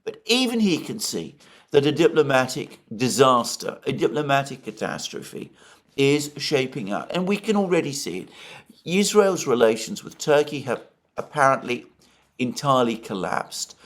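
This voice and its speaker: Middle-aged male commentator, solo analysis, measured and expansive, very lively pitch. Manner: measured, expansive delivery with frequent restarts. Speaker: political commentator. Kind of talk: solo commentary reading from an article.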